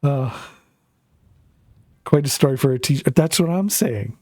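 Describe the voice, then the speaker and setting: Man, middle-aged, Canadian, gaming streamer, rambling chatty storytelling, mellow dark voice, dry close sound. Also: medium pitch, measured pace, pauses often, no room sound. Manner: rambling, animated, lots of fillers. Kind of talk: casual storytelling while gaming.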